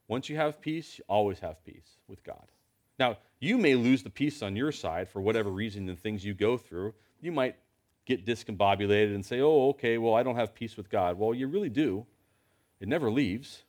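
Lively conversational male preacher. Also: medium pitch. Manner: lively, conversational, rhetorical questions. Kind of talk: sermon. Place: church.

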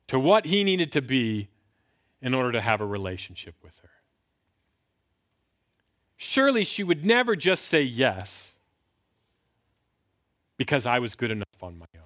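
This thirties-aged pastor has a high-pitched, slightly bright voice. Preaching conversationally in an indoor filmed talk, he asks rhetorical questions, leans on key words, and lifts his voice for emphasis.

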